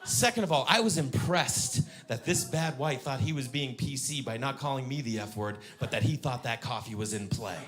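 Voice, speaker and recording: A man doing a stand-up comedy set, telling a story in a dry, deadpan way that breaks into sudden shouting. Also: mid-range voice, moderate pace, few pauses, over music. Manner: deadpan, then shouting bursts. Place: comedy stage.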